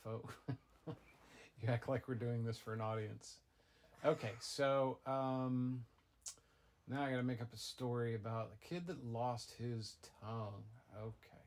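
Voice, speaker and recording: A middle-aged man, a father improvising a goofy tall tale for his child, rambling with deadpan asides. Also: mid-range voice, unhurried. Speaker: father telling a bedtime-style story.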